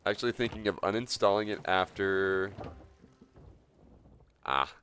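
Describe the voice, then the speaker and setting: Deep-voiced laid-back male game streamer. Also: expressive, unhurried, fairly bright tone, a little hiss or hum. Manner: casual, rambling, laughs often. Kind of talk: live gameplay commentary and chat.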